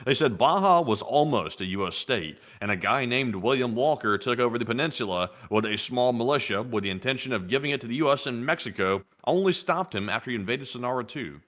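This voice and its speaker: A man co-hosting a live stream, reading donor names and messages in a steady, easy way. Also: medium pitch, fairly quick, hardly any pauses. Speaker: co-host reading super chats.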